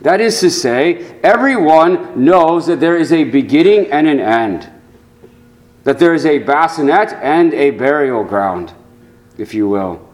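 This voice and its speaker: Slow, measured male preacher. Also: fairly high pitch, animated, low-quality recording. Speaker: pastor. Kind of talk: sermon.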